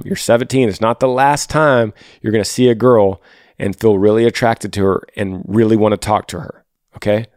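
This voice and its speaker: A man's voice: fairly low pitch, a little mellow, dry recording, studio quality. A man hosting a podcast, reading ads and giving earnest, fatherly advice to listeners in a casual way. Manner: earnest, fatherly, repeats himself. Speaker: podcast host.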